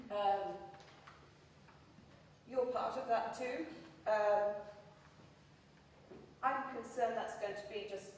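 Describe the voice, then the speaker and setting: Englishwoman at a conference lectern, chatty, self-deprecating, lots of ums, mid-pitched voice, boomy hall heard from a distance. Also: very slow, long pauses, a little mellow, slight background noise. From England. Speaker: conference speaker. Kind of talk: conference presentation. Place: large lecture hall. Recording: echoey hall recorded from far off.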